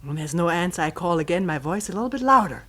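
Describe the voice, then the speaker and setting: A woman giving a reflective retreat talk as a meditation teacher, reading a commentary aloud in a slow, thoughtful way, often dropping to a breathy near-whisper, wry at times. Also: on the low side, lively intonation. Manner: wry, with soft laughs.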